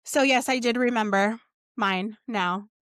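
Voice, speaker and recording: A woman in her thirties co-hosting a casual faith podcast, telling a family story with animated asides. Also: on the high side, a little slow, no room sound, studio quality. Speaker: podcast co-host.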